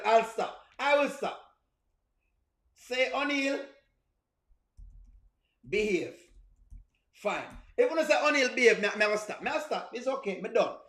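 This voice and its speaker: A man's voice: extremely high pitch, a bit bright. A man giving comic reaction commentary, playful and laughing, repeating lines as running jokes. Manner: playful, laughing, repetitive riffs. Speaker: reaction video host. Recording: roomy echo.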